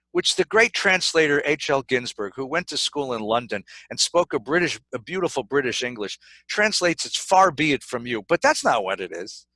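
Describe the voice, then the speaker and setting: A middle-aged male rabbi lecturing with animated, dramatic storytelling. His voice is bright and swoops widely in pitch, and the sound is close and dry. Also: dry recording. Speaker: rabbi, keynote speaker. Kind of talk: lecture on scripture. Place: synagogue lecture.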